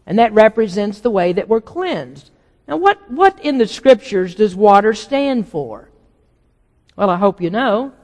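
A man preaching a sermon as pastor, earnest and building to emphatic declarations. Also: sits high. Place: church sanctuary. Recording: church hall reverb.

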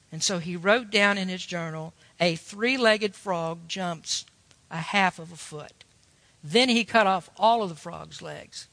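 A man's voice: high voice, sharp tone, no room sound, long reverb tail. A man preaching a sermon, telling a folksy story with emphatic turns.

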